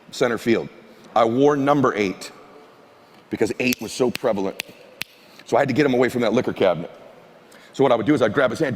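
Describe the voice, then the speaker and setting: A man giving a motivational keynote speech on stage, telling a personal story with impassioned swings from hushed to shouting. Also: medium pitch. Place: large conference hall. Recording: live hall with long reverb.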